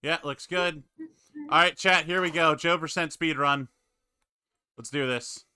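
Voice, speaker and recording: A man with a very bright, crisp voice chats casually while running a stream with friends. He drifts into quiet muttering as he fiddles with the setup, and the sound is dry and close. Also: on the high side, measured pace, no echo. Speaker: stream host.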